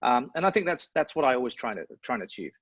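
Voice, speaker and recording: A man's voice: medium pitch, sing-song, fast, no room sound. A man, a sports broadcaster, talking reflectively in an interview and often repeating words as he thinks. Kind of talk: interview conversation. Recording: dull lo-fi sound.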